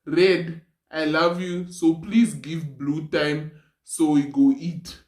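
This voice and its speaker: A woman imitating a young male housemate, speaking in a lowered, slow voice in a roomy space. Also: fairly even intonation, a little mellow. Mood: casual. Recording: roomy echo, away from mic.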